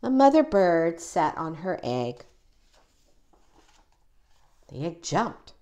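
A woman reading a children's picture book aloud, with an expressive, animated delivery. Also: fairly low pitch, slow. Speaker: children's story reader. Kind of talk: read-aloud storytelling.

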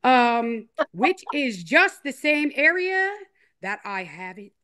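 A woman's voice: on the high side, sing-song, takes it slowly, pushed and bright, a little hiss or hum. Rambling woman guest teasing playfully. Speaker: interview guest telling her story. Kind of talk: casual on-camera interview.

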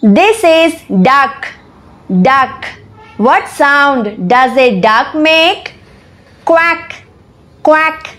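High, very slow woman teaching children. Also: animated, over music. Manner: slow, deliberate, spelling words out letter by letter. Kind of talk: children's lesson narration.

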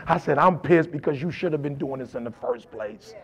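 Gravelly man, emphatic motivational storyteller. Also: fairly high pitch, normal speed, few pauses. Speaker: motivational speaker.

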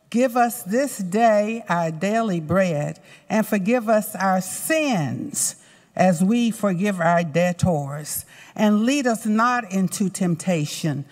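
Southern woman, slow, measured prayer leader, reverberant hall. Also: medium pitch. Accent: Southern American. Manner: slow, deliberate, resonant recitation. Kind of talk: leading the Lord's Prayer.

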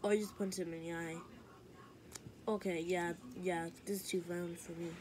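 A woman's voice: lowish voice, fairly even intonation, normal speed, a little mellow. A woman performing every character of a homemade story herself, moving between plain lines and shrieked, wailing cries. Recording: noisy homemade recording.

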